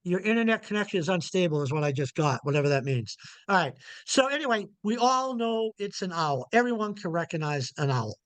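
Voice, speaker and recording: A man's voice: high voice, very animated, brisk, fairly bright tone, dry recording. A middle-aged man, an owl researcher, giving a casual, folksy online lecture that keeps returning to its key points. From Montana. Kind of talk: informal illustrated lecture.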